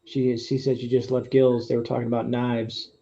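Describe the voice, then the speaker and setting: Rambling male host with a mellow voice. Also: mid-range voice, completely flat delivery, normal speed, creaky. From Florida Keys. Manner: rambling, with many restarts and laughs. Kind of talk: casual live-stream interview. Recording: dull lo-fi stream audio.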